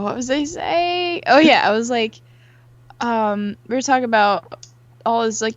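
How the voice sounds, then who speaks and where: A woman's voice: medium pitch, lo-fi sound. Giggly young woman rambling over a call. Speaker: co-host. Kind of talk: casual chat show over a call.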